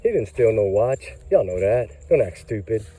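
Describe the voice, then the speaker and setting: This is a man giving heated, casual commentary, tired and short of breath. His voice sits low and sounds deeply dark and mellow. He talks emphatically, as if venting to his viewers. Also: big pitch swings, normal speed, slightly rough, dry recording, low-quality recording. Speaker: true crime commentator.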